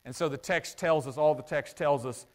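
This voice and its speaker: A man delivering a sermon in a high voice. He talks it through like a conversation, tossing rhetorical questions to the congregation and pausing with "uh" as he works through his thoughts. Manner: thinks out loud with frequent "uh" pauses. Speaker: preacher.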